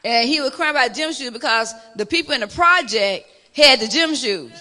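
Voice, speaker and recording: Woman, Chicago accent, middle-aged, high bright voice, animated storyteller. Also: moderate pace. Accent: Chicago African American English. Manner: lively, animated storytelling with laughter. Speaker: pastor's wife. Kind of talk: church Q&A discussion.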